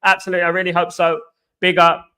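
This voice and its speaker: A young man hosting a casual football live stream, greeting viewers by name and repeating himself, his voice going hoarse. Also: high voice, completely flat delivery, fast talker, pushed and bright. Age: young adult.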